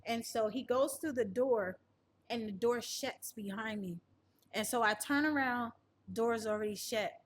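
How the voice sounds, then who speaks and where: Female interview guest with a fairly high voice and faint noise behind; earnest, vivid storyteller. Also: unhurried. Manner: earnest storytelling that acts out others' words. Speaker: guest sharing a survival testimony. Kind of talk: personal testimony interview.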